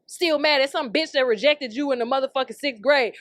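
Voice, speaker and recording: A woman's voice: high voice, fairly quick, fairly bright tone, no room sound, clean studio sound. A young adult woman hosting a podcast, delivering a heated, profanity-packed comedic rant with frequent laughter. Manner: brash, heated, swears constantly, laughs often. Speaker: podcast host.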